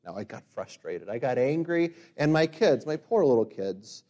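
A middle-aged man preaching a sermon as a pastor. He builds to loud, emphatic peaks and then drops to quiet, reflective passages. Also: mid-range voice, very animated. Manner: reads scripture slowly and forcefully.

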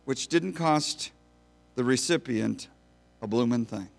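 A man delivering a sermon at an unhurried pace. He talks in a folksy, storytelling way, easing his listeners into the point. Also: mid-range voice, vocal fry. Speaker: pastor.

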